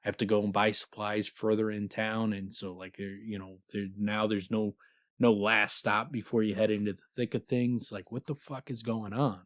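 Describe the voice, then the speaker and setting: A man's voice: lowish voice, level tone, moderate pace, a bit bright, dry recording, studio quality. A man co-hosting a podcast, chatting casually about a book, rambling and swearing freely and reading passages aloud. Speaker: podcast co-host.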